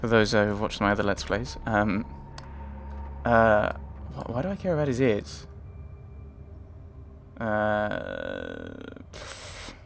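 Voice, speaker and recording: A man's voice: fairly low pitch, very animated, takes it slowly, creaky, long pauses, a little hiss or hum. A man hosting a let's play, thinking aloud in casual gameplay commentary, hesitant and often trailing off.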